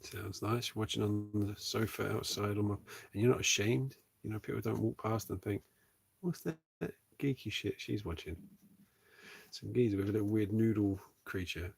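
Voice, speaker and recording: Low, gravelly man, chatting softly. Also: flat delivery, fairly quick, few pauses. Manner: soft-spoken, chatting with viewers while painting. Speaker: streamer and miniature sculptor. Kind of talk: casual livestream chat.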